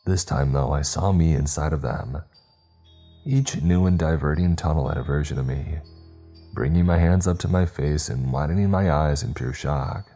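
A man's voice: very deep voice, moderate pace, mellow, soft background music. A man reading a scripted first-person horror story with dramatic, tense storytelling. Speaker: narrator.

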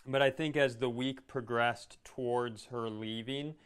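A man's voice: medium pitch, fairly even intonation, measured pace, smooth. A man co-hosting a comedy podcast, telling rambling stories in casual chat. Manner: rambling storyteller, restarts and asides. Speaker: podcast co-host.

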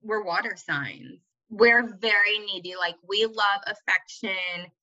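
Young woman, podcast guest, bright forceful voice, candid, self-mocking, dull lo-fi audio. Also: medium pitch, slow. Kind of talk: casual chat.

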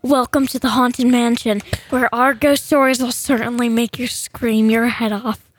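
A woman's voice: fairly high pitch, steady tone, normal speed, slight background noise, close to an everyday voice. A young woman voicing a spooky female haunted-house greeter, trying hard to sound eerie. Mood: mock spooky.

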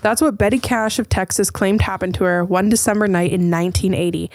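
Fast-talking playful woman. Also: medium pitch, fairly even intonation, darkish tone. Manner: playful, teasing, quick storytelling. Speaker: podcast host. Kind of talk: casual chat.

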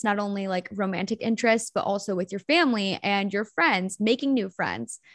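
A woman's voice: mid-range voice, a bit bright, no echo. Enthusiastic woman host, rambling questions, dry close sound. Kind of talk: casual interview chat.

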